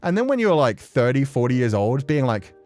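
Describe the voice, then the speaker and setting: Streaming while he plays a game in his apartment, a man reads the game aloud and chats casually, laughing a lot. His medium-pitched voice is very animated, fairly quick, and a little mellow, with soft music in the background.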